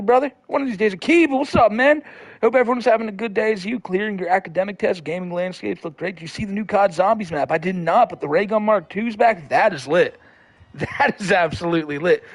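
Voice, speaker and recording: A man's voice: high voice, no room sound. A man hosting a livestream, reading viewer comments in a rambling, profane, laid-back way. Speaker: livestream host.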